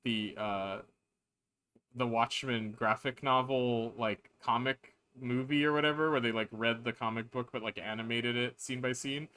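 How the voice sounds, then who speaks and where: A man's voice: medium pitch, fairly even intonation, normal speed, sharp tone, clear, resonant tone. A man chatting on a live stream while reading a game's dialogue, self-deprecating and reluctant to do character voices. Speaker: streamer reading a game aloud.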